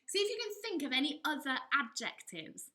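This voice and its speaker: Lively high-voiced woman leading a kids' drama lesson. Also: brisk, reverberant. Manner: encouraging, talks directly to children, acts out anger levels. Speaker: drama teacher.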